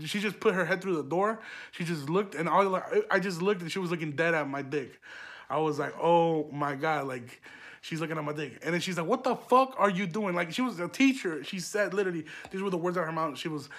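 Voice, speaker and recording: A man's voice: high-pitched, pushed and bright. A young man hosting a podcast, telling a story casually with lots of swearing and rambling asides. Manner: profane, rambling, laughing asides. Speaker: podcast host.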